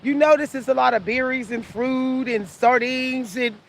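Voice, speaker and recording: A woman's voice: sits high, normal speed, creaky, slight background noise. A woman in her forties giving casual advice to her viewers, preachy and repeating herself for emphasis. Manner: preachy, repetitive, talks straight to the audience. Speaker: vlogger.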